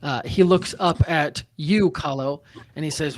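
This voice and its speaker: A man narrating a tabletop one-shot as game master, halting with many fillers and restarts. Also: on the high side, slight background noise.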